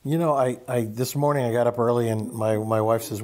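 A middle-aged man leads a group discussion in a mid-pitched voice. He tells stories with plenty of animation, and his pitch leaps up and drops low as he makes his points. The tone is reflective and spiritual. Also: a little fast. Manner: animated storytelling, with sharp swings in pitch.

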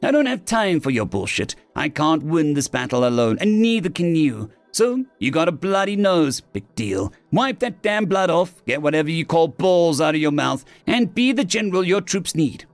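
A man's voice: fairly high pitch, sing-song, moderate pace, few pauses, no echo, faint music behind, voice pushed up. A man voicing a brash, foul-mouthed small woman general who talks bluntly and scolds. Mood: scolding.

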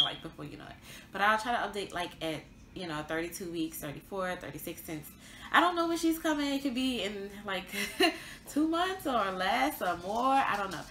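A young woman vlogs her pregnancy update in a chatty, rambling way, full of fillers and small laughs. Her voice is bright and forward. The room gives it a noticeable echo with faint ambience behind. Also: medium pitch, a little hiss or hum. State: pregnant, tired. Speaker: vlogger. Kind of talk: casual pregnancy update vlog.

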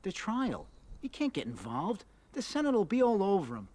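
An anxious young mob brother talks in an urgent, pleading way. His voice is high and swings up and down a lot. This is game cutscene dialogue. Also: wildly swooping pitch, moderate pace, mellow, exaggerated voice.

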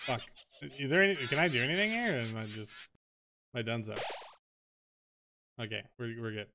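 A man's voice: medium pitch, fairly quick, background noise. Swearing young man playing a game. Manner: casual, swearing, jumpy reactions. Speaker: streamer. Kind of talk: let's play commentary. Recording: game music behind.

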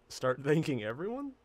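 Excitable reaction guy, laughs a lot, bouncy voice, dry sound. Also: a little high, dry recording. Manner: excitable, laughs often, swears casually. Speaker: reaction video host. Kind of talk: casual reaction commentary.

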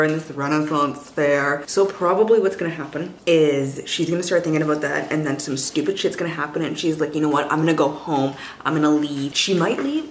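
A woman's voice: fairly low pitch, a little hiss or hum. A young woman vlogging at home about books, chatty and casually swearing, cooing at her pets. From Canada. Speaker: book vlogger. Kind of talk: casual vlog chat. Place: at home indoors. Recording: roomy echo.

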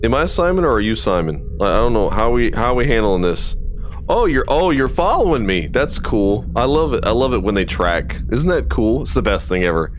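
A man's voice: medium pitch, big pitch swings, fairly quick, noisy background. A man doing live commentary on a horror game he is playing, jumpy, swearing and joking with the characters on screen.

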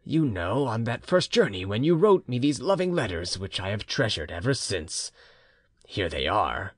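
A man voicing a returned peasant husband, speaking low, soft and intimate. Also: big pitch swings, moderate pace, no echo, studio quality. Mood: tender. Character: returned peasant husband, tender yet commanding.

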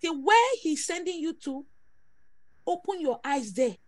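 A prophetess leads a prayer call with a prophetic sermon, her high voice swinging widely in pitch at a slightly slow pace. She preaches emphatically and repetitively, with dramatic exclamations, on a dry recording.

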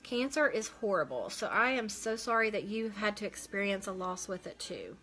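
Bright, chatty woman on a live stream. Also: mid-range voice, animated, moderate pace. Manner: chatty, reads viewer comments aloud and answers them. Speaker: makeup consultant hosting a live stream. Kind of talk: casual live-stream chat.

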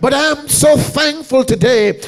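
A male evangelist preaching a revival sermon in a church, calling out to the congregation again and again and building from hushed passages to shouted, half-sung peaks. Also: very high voice, measured pace, creaky, faint music behind. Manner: rhythmic preaching with repeated call-outs to the congregation; swings from hushed storytelling to shouted, sung-out climaxes.

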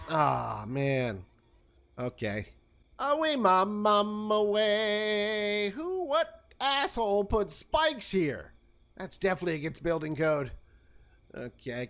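High, lively man narrating his gameplay. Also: slight background noise. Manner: jokey, talks to enemies, animated outbursts. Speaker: gaming video host. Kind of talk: let's play commentary.

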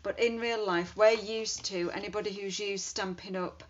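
A woman's voice: mid-range voice, steady tone, normal speed. A woman chatting casually while demonstrating card making, thinking aloud as she works. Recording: dull lo-fi sound with faint hiss.

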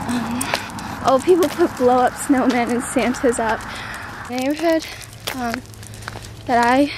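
A teenage girl talks to her camera on a walk, casual and full of ums, a little out of breath. Her voice sits high. Steady outdoor noise runs behind her. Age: teens. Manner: chatty, many ums, baby-talk to her dog. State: out of breath after a run. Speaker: vlogger. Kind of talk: casual vlog chat.

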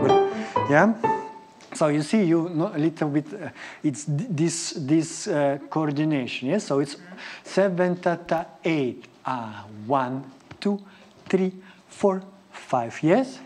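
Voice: medium pitch, slow pace, darkish tone, breathy edge. A ballet teacher leading a live class, counting and scatting rhythms in choppy English. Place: ballet studio. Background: piano music.

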